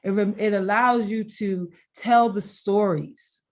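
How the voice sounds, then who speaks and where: Middle-aged woman on a video call, storytelling from the heart, expressive, mid-pitched voice. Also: slow. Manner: expressive, laughs while telling stories.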